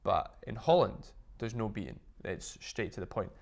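A man being interviewed as a guest, telling stories in a lively way and filling his speech with "like". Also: lowish voice, normal speed, creaky. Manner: animated storytelling, full of "like" fillers. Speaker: interview guest, business owner. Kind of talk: casual interview chat.

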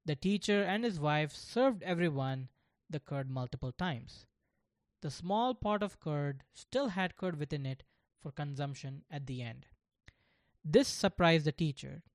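A storyteller reading a children's story aloud in scripted narration, slow and deliberate. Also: mid-range voice, animated, no room sound, clean studio sound.

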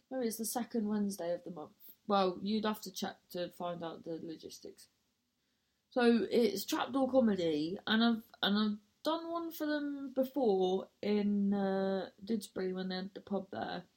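A woman's voice: mid-range voice, darkish tone. A woman, a comedian and actor, telling a rambling story with self-mocking asides and casual swearing.

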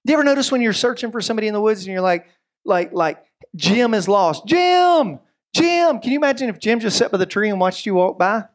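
A man's voice: sits high, fast. A man preaching a sermon as pastor, conversational, with stammered restarts, acting out little voices and quotes. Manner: lively, acts out voices and quotes.

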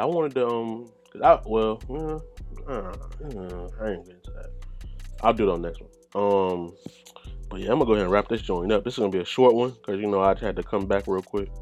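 Low-voiced man rambling on his podcast. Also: darkish tone, dull audio. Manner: rambling, loose and profane, laughs often. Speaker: podcast host. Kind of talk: casual solo podcast chat.

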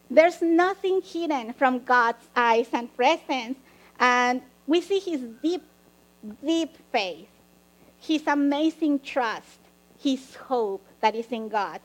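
A woman delivers a sermon at an unhurried, deliberate pace, leaning into verses with emphatic rises. Her voice sits high. A low electrical hum runs under the recording. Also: rough recording. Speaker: preacher. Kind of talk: sermon reading scripture. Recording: mains hum in background.

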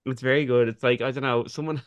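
A man's voice: medium pitch, steady tone, quick pace, clear, resonant tone, dry recording. Young man, podcast co-host, rambling and giggly, dry close sound. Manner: giggly, rambling, restarts mid-thought. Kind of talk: casual chat.

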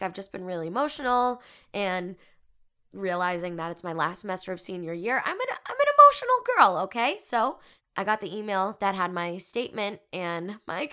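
Bright and forceful at a medium pitch, this twenty-something woman's voice carries her podcast. She chats casually, telling frank stories at her own expense and frequently breaking into giggles.

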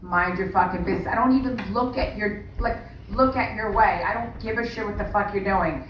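A woman's voice: mid-range voice, moderate pace. A woman co-hosting a podcast, ranting bluntly and swearing in casual chat. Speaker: podcast co-host. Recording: roomy, distant mic, faint noise.

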